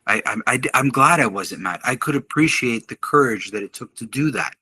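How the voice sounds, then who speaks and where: A middle-aged man tells a story on a podcast in a bright, slightly husky voice. He is animated and laughs often, slipping into the voices of the people he quotes. The sound is dry and close. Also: mid-range voice, moderate pace, dry recording. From Canada. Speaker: podcast guest, martial arts instructor. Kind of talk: casual storytelling in an interview.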